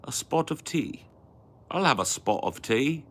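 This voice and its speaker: A man's voice: mid-range voice, expressive, unhurried, slight background noise, pitched above the performer's own voice, lightly acted. A man putting on a cheeky, exaggerated British tea-drinker. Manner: mock accent, swearing, over-the-top.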